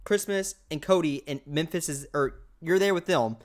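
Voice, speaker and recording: A man's voice: fairly high pitch, moderate pace. A young man co-hosting a podcast, rambling through a casual episode recap with lots of fillers and asides. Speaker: podcast co-host.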